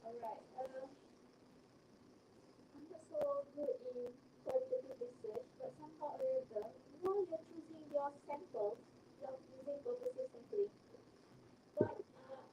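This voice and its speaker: A woman on an assessment panel questions a trainee teacher directly, pressing on weak points. Her voice is high and animated in pitch. She sounds far from the mic, with clear background noise around her. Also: measured pace, echoey room, dull audio. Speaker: panel examiner. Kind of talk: questioning in a viva.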